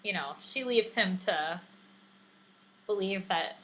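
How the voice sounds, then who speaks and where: A woman's voice: medium pitch, slow pace, a bit bright, poor audio. A woman co-hosting a podcast, chatting casually and animatedly with lots of fillers and laughs. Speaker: podcast co-host. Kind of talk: casual recap chat.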